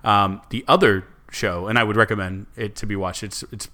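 Rambling low-voiced man on a podcast. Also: fairly even intonation, moderate pace, sharp tone. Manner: rambling, restarts often, many "like"s and "um"s. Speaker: podcast co-host. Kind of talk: casual podcast chat.

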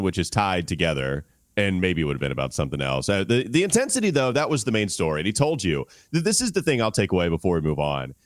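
A man with a fairly low voice that swings widely in pitch, hosting a sports podcast and talking in a lively way. The sound is close and dry. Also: dry recording. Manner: lively delivery, short agreeing replies. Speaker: podcast host. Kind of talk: casual sports podcast chat.

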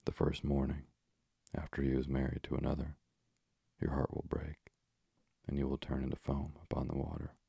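A man voicing a hideous, scornful old sea witch in a storybook reading, with slow, gravelly menace. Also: very deep voice, completely flat delivery, mellow, no echo, studio quality, exaggerated voice. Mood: menacing.

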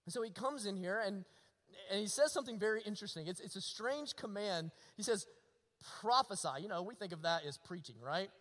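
A male pastor preaching a sermon, using rhetorical questions and swinging between hushed and emphatic delivery. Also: high voice, expressive, fairly quick, long reverb tail.

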